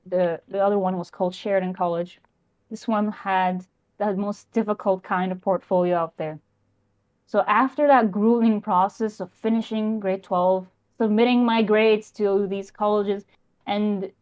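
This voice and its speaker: A young woman phones into a talk show and speaks in a halting, unsure way. Her voice sits at a middle pitch, and her sentences keep restarting and trailing off. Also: a little mellow, low-quality recording. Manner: hesitant, halting, trails off often. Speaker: caller. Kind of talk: casual call-in chat. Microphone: voice call.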